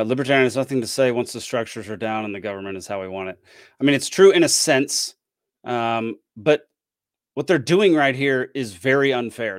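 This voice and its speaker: A man hosting a podcast, giving casual commentary in a halting way with many fillers and restarts. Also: mid-range voice, dry recording, clean studio sound. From Georgia, US. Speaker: podcast host reacting to a clip.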